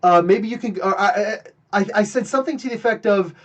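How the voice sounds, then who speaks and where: This New Jersey-born podcast host, living in Canada, streams a live comics show from home, telling stories with animation and greeting chat between them. His high-pitched voice moves quickly, and the recording is muffled.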